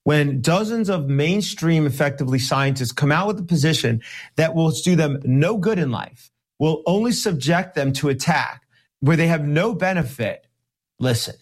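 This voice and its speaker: A man, a lawyer and guest, talking emphatically in an interview, slowing down to stress his points, sometimes sarcastic. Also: on the high side, lively intonation. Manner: sarcastic at times. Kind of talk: podcast interview talk.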